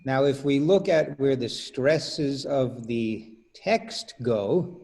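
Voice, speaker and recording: A man's voice: medium pitch, slow pace, darkish tone. A man teaching rhythm as a choral director in an online workshop, patiently explaining and counting beats aloud over a video call.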